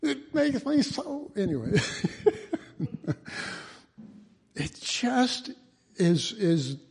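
A man's voice: extremely high pitch, very animated, extremely slow, gravelly, a little mellow, slightly rough. A man giving an informal Bible teaching in a folksy way, chuckling often and restarting his phrases.

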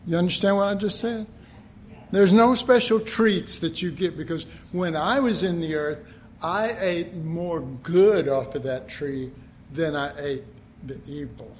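An older man delivers a folksy, conversational sermon in a high voice. He speaks slowly, leaning hard on drawn-out words for emphasis and slipping into the voices of the people he describes. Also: a little mellow, a little hiss or hum. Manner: folksy, acts out quotes, drawn-out emphatic phrases. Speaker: preacher.

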